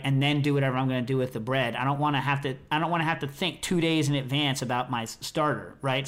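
A man's voice: medium pitch, fairly bright tone. An American man hosting a podcast in casual chat, rambling and chatty with lots of fillers. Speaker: podcast host.

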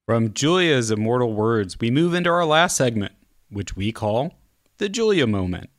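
A man's voice: medium pitch, big pitch swings, moderate pace. A man hosting a podcast, asking chatty, thoughtful questions and reading announcements. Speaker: podcast host. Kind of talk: interview and scripted announcements.

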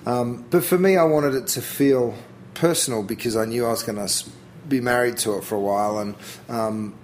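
A middle-aged Australian man chats easily as an interview guest, his voice sitting at an ordinary middle pitch. He rambles a little, doubling back and restarting with fillers. A faint hiss runs under the recording. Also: moderate pace, poor audio. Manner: relaxed, chatty, self-interrupting with fillers. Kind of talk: casual interview chat.

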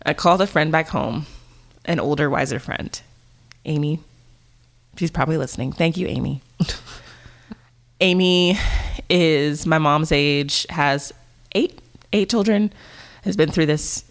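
Woman, low voice, podcast co-host, animated storyteller. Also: unhurried, pauses often. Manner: animated storytelling, acts out quoted lines. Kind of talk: casual chat.

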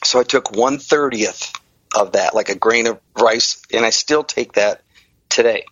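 Middle-aged guy from detroit telling his story, lively, dull dry lo-fi sound. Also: mid-range voice, unhurried, breathy edge, no room sound. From Detroit area, Michigan. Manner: animated storyteller, acts out quoted voices. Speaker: interviewee. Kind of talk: personal story in an interview.

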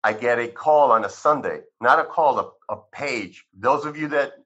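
His voice is husky and sharp, medium in pitch, at a moderate pace: a man in his sixties, a chiropractor, being interviewed. He tells his life story conversationally and wanderingly, full of fillers and quoted re-enactments, on a slightly muffled recording.

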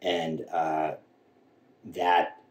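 A man with a very deep voice tells a personal story in a halting, restart-filled way. He sits back from the mic, and the room rings with echo. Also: monotone. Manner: halting, full of restarts and quoted dialogue. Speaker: podcast guest. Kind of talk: candid storytelling conversation. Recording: echoey room, voice from a distance.

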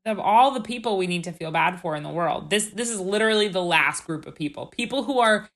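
A young woman co-hosting a podcast in casual, animated chat, exclaiming and swearing as she goes. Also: mid-range voice, fairly quick. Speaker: podcast co-host.

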